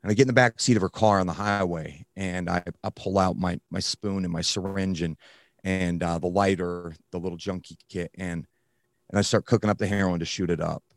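Deep-voiced man telling his story bluntly. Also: fairly even intonation, gravelly, no room sound, clean studio sound. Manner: blunt, casual, uses slang; halting, with restarts and fillers. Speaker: guest recounting his addiction recovery. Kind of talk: candid personal storytelling.

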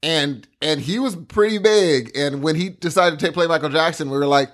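A man co-hosting a casual chat, chatty and excitable, telling stories. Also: a little high, fairly quick.

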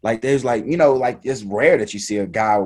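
A man casually telling a story about a race in an animated, laughing way, acting out what people said. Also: mid-range voice, brisk, slightly rough. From United States. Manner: animated, laughing retelling with quoted voices.

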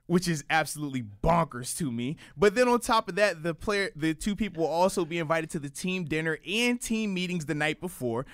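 A man co-hosting a casual sports show, a former player who walks through football strategy with animated energy. His voice sits a bit high for a man. The sound is close and dry, with no room around it. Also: normal speed, dry recording. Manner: animated, explains plays.

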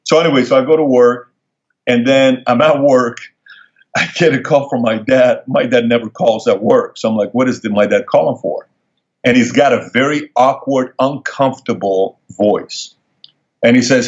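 A man telling a personal story as an interview guest, animated and acting out the people he quotes in a higher voice. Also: normal speed. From Middle East. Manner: animated, acts out quoted dialogue in raised voice. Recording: dull lo-fi sound.

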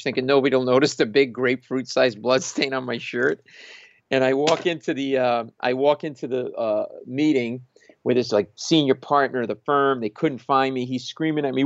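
A man, a comedian, telling an animated anecdote in conversation, acting out the people he quotes and laughing as he goes. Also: mid-range voice, dry recording, lo-fi sound. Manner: acts out quoted voices, laughs mid-story. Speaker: stand-up comedian guest.

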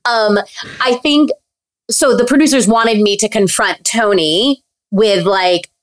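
A middle-aged woman telling a story as a podcast guest, animated and full of "like", acting out what people said. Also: medium pitch, takes it slowly. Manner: animated, heavy use of "like", acts out quotes. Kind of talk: casual storytelling.

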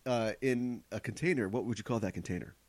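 A man's voice: lowish voice, fast, darkish tone, no room sound. A man from Minnesota co-hosting a podcast, joking and teasing in rambling casual banter. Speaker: podcast co-host.

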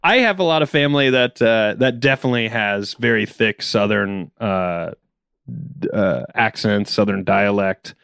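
A man's voice: fairly low pitch, normal speed, gravelly, fairly bright tone, clear, resonant tone, no echo, studio quality. A young man from South Carolina with a general American accent, chatting casually as a comedian guest, rambling with restarts and frequent laughs. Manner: rambling, self-interrupting, laughs often. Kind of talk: casual podcast chat.

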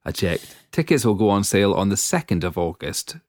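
Low, lively man hosting a podcast. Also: a little fast, no room sound, studio quality. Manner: jokey, laughs often, wide swings in pitch. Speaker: podcast host. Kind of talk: casual podcast chat.

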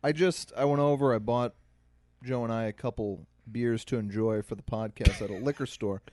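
A man's voice: mid-range voice, steady tone, normal speed, darkish tone, no echo, studio quality. A man hosting a podcast, chatting casually and telling anecdotes in a conversational way. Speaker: podcast host. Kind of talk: casual chat.

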